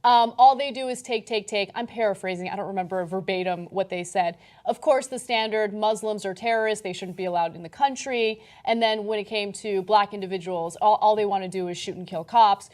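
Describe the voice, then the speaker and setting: A woman hosting a political talk show, telling stories in an animated way. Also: mid-range voice, fairly quick, hardly any pauses. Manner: animated storyteller. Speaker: host.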